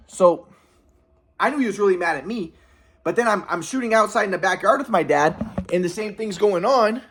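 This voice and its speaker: A man's voice: sits high, expressive, brisk, a bit bright. A man telling a personal story in a casual monologue, rambling, repeating himself and cursing.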